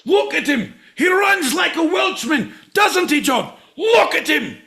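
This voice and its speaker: A man voicing a rowdy, excitable Scottish character with a Scottish accent in an improvised comedy bit, insistently repeating the listener's name. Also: lowish voice, slow, voice pushed down. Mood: outraged.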